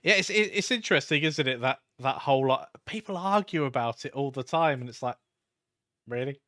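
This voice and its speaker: A man's voice: medium pitch, animated, brisk, bright, forceful tone, no room sound, clean studio sound. A man co-hosting a live stream, explaining things casually with a lot of filler words. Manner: explanatory, laughs easily, hesitant fillers.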